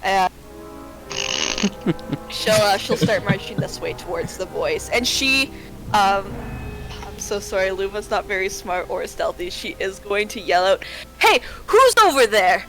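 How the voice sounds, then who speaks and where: A woman's voice: mid-range voice, unhurried, gravelly, pauses often, over music, poor audio. A woman playing in a tabletop game, talking casually and laughing often as she describes her character. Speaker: player.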